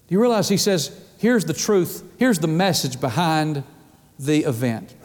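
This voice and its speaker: A man preaching a sermon as pastor, emphatic, stretching key words slowly and dropping low at the ends of phrases, calling out to the congregation. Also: animated. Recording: long hall reverb.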